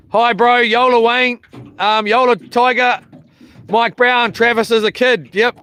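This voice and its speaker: Slow-talking New man on a boat. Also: high-pitched, pushed and bright, clear, resonant tone. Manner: rambling, joking, many ums. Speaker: fishing livestreamer. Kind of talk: casual chat to a live chat. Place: small boat out on the water.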